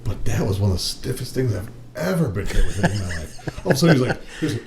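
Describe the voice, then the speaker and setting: A man telling stories from his wrestling career in a casual interview, animated, swearing freely and acting out what people said. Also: mid-range voice, fast talker, a crowd in the background. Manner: animated storyteller, swears freely, acts out quotes. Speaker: wrestling guest. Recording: echoey room with noticeable noise.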